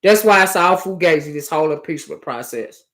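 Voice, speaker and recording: A woman giving impassioned opinion commentary, preachy and hollering at times, stumbling over her words and repeating phrases for emphasis, close on a loud microphone. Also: deep voice, lively intonation, fairly quick. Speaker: commentary channel host. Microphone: loud close desktop microphone.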